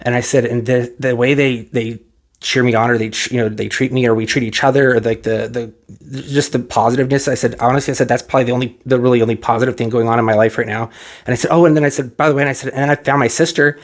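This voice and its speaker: A man's voice: medium pitch, steady tone, fast. A man talking casually to his viewers, rambling through a personal story with many fillers and restarts, retelling conversations and getting close to tears, into a microphone at home. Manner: emotional, close to tears at moments. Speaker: vlogger.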